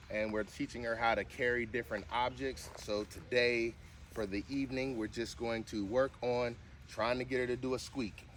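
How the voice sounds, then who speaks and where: A man filming a casual vlog while training his service dog, mixing firm short commands with chatty explanations. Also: slight background noise. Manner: firm short commands, with high sing-song cues.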